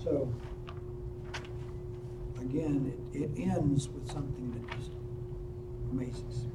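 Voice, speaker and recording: A man's voice: mid-range voice, slow pace. Man lecturing in an echoey room. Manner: lively storyteller with offhand asides. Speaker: professor giving a public lecture. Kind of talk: history lecture. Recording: echoey room, distant mic, faint noise.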